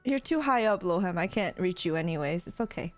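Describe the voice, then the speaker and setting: A woman's voice: on the low side, expressive, fairly quick, soft background music. A woman playing a tabletop game, chatting in a playful, giggly way. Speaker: player. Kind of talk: casual tabletop play.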